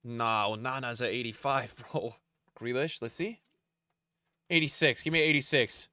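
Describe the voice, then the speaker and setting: A tired man live-streaming a game, swearing and venting at his chat, from mutters to yells. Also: medium pitch, normal speed, dry recording. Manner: swears and vents at chat, swinging from mumbling to yelling.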